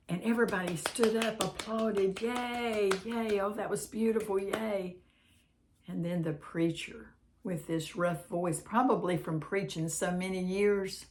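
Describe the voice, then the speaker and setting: A woman hosting a devotional channel, reading a note aloud and then chatting in a gentle, unhurried way with pauses. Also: lowish voice.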